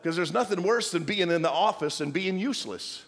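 Preaching pastor in an echoing hall. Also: male voice, sits high, brisk, fairly bright tone. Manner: exhorting, playful asides and mock voices of the congregation. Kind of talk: sermon.

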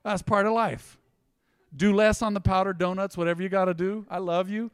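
Male pastor, forties, fairly high voice, preaching in a church with long hall reverb, shifts between fervent and soft. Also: fairly even intonation, brisk, clear, resonant tone, studio quality. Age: 40s. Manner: swings from emphatic loud to hushed and tender. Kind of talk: sermon. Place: church sanctuary.

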